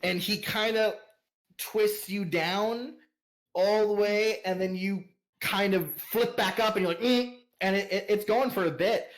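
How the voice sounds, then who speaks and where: A man narrating a tabletop role-playing game as game master, animated and often laughing. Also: high voice, measured pace.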